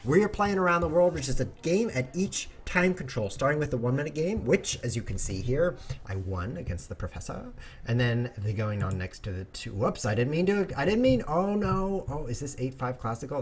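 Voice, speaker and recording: A man hosting a chess stream, chatting casually and joking through his moves, with sudden bursts and quiet mumbles. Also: medium pitch, a little hiss or hum. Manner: playful, jokey, rambling asides. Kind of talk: casual live commentary while playing.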